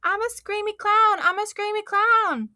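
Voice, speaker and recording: Lady putting on a squealy little storybook girl, bouncy and loud, super bright, dry close sound. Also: a little high, lively intonation, moderate pace, no echo, voice pushed up. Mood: gleeful. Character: excitable, boisterous little girl.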